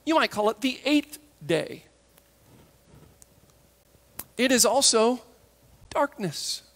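A woman gives a conversational sermon, slipping into the voices of the people in the story as she goes. Her voice sits high and swings widely in pitch. The sound carries a long hall reverb. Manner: lively and conversational, acting out the disciples and Mary in quick asides. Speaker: preacher.

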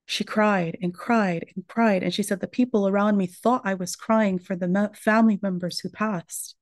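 A woman's voice: mid-range voice, fairly even intonation, normal speed, no room sound. Female speaker for a faith lecture, earnest storyteller, mid-range voice, dry recording. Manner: earnest storytelling, retelling a survivor's words. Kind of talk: religious lecture.

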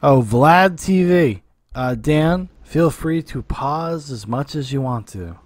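A man's voice: on the high side, lively intonation, takes it slowly, a little hiss or hum. A man hosting a podcast, joking with dry, mock-formal sarcasm in casual commentary. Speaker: podcast host.

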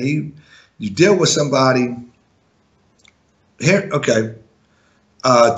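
A man's voice: medium pitch, fairly bright tone. A man in an interview recounting old grievances with rising indignation. He talks in a loose, rambling way, stacking fillers and restarts, and his voice sits in an ordinary middle register. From living in Europe. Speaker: former music manager, interview guest. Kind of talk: candid interview storytelling.

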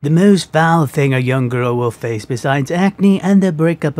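Deadpan male spoof-film narrator. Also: fairly high pitch, measured pace, over music. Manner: deadpan announcer tone. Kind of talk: mock-serious safety film narration.

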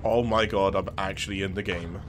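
A man's voice: sits low, steady tone, brisk, noisy background. A man streaming a horror game, reacting with swearing and frequent laughter. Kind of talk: live game commentary.

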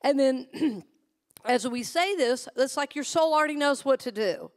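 Female minister, middle-aged, high voice, sermon with call-and-response, conversational and warm in tone of address. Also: expressive, unhurried. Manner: call-and-response, asks the congregation to repeat phrases; conversational storytelling, drops soft and low for personal anecdotes.

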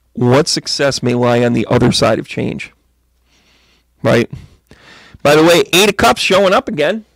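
A man with a slightly high, gravelly voice talks through a live tarot reading, joking with viewers. The sound is close and dry, with no room echo. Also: a bit bright. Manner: jokey, chatty, slips into silly high voices. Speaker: tarot reader on a livestream.

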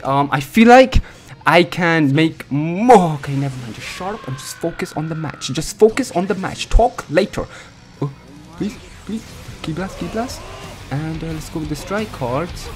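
A young man giving rambling, excitable commentary over his own gameplay as a gaming YouTuber, swinging between muttering and yelling. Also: on the high side, normal speed, faint music behind.

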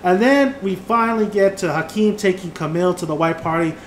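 Animated man recapping TV, high voice. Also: fairly quick, echoey room, a little hiss or hum. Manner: animated, acts out characters' lines. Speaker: TV review host. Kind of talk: casual spoken TV recap.

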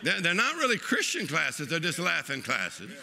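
A preacher, delivering an exuberant sermon and leading the congregation in laughter. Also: male voice, a little high, huge pitch swings, normal speed, creaky, bright, forceful tone. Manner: exuberant, leads the crowd in laughing. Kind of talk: lively sermon.

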